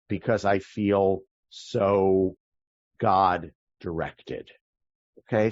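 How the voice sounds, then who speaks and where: A man teaching a prayer-book class as a rabbi, explaining the text line by line in a thoughtful way, often pausing and restarting mid-sentence. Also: lowish voice, no echo, highs cut off. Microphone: video call.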